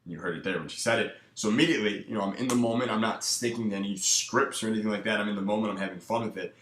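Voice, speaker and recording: Male dating coach, low voice, relaxed commentary, echoey room. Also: racing, a little hiss or hum. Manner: laid-back, filler-heavy, with many "um" and "like". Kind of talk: casual commentary breaking down footage.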